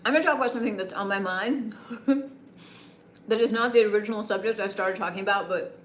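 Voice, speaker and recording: A woman's voice: medium pitch, quick pace, echoey room, slight background noise. A woman live streaming a rambling late-night chat with viewers, greeting them by name, with a broadcaster-like voice.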